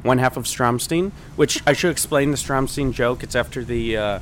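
A man's voice: mid-range voice, normal speed, a little hiss or hum. Rambling, jokey man co-hosting a podcast. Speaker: podcast co-host. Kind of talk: casual banter.

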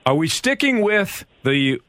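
A man co-hosting a radio show, needling the other host in quick back-and-forth banter. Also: high voice, very animated, pushed and bright, no room sound, studio quality. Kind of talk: on-air banter.

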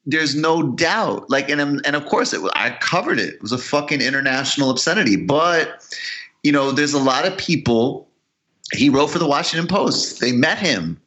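A man's voice: a little high, lively intonation, normal speed, bright, forceful tone. A man in casual political chat, rambling and profane with lots of fillers. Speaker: political commentator. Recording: dull lo-fi audio.

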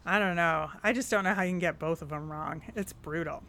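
A woman's voice: fairly low pitch, a little fast, pushed and bright. A woman co-hosting a casual sports chat, upbeat and chatty, laughing easily. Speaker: podcast co-host.

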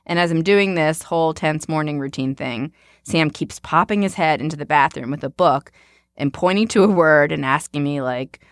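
Thirties woman, podcast co-host, low voice, dry close sound, laughs a lot, self-deprecating. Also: normal speed, no room sound. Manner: laughs often, self-deprecating, acts out shouted quotes. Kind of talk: casual chat and anecdote telling.

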